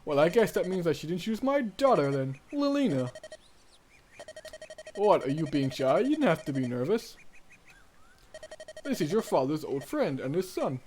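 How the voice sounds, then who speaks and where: A man's voice: fairly high pitch, sing-song, normal speed, long pauses, darkish tone, a little hiss or hum. A man reading a blunt, teasing middle-aged lord in his own voice. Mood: blunt warm.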